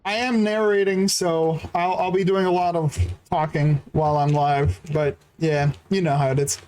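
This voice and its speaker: A man's voice: on the high side, little pitch movement, normal speed, a little mellow, slight background noise. Joking male game streamer. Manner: joking, laughs often, reads game text aloud. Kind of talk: live game stream commentary.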